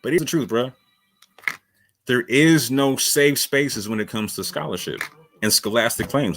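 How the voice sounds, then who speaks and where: A man's voice: medium pitch, animated, moderate pace, a bit bright, a little hiss or hum. A man giving a heated, slangy video response, repeating himself for emphasis. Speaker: online commentator. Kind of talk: casual video rant.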